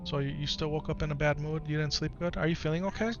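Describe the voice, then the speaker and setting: A man in his thirties at home, talking gently and patiently to his young son, then chatting casually with his live-stream viewers. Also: a little high, steady tone, quick pace, muffled recording. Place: home, in the morning. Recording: clear background music under voice. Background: music.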